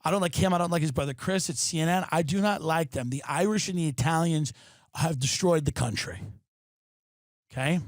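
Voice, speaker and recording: A man's voice: a little high, fairly quick, dry recording, studio quality. Profane ranting male comedian. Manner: profane, exasperated, animated. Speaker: podcast host. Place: his apartment.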